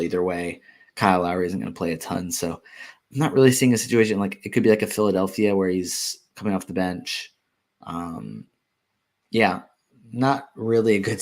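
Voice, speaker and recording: A man with a deep, low-pitched voice talks through listener questions in a loose, unscripted Q&A. He thinks out loud as he goes, filling pauses with ums and catching and restarting his own sentences. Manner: thinks aloud with frequent ums and self-corrections. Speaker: fantasy basketball analyst answering viewer questions. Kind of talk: casual live Q&A.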